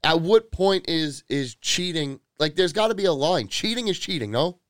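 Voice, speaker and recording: A man's voice: a little high, expressive, normal speed, no room sound, clean studio sound. A man co-hosting a podcast, stubbornly arguing his point, swearing and interrupting. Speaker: podcast co-host. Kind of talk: heated casual sports argument. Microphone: podcast microphone.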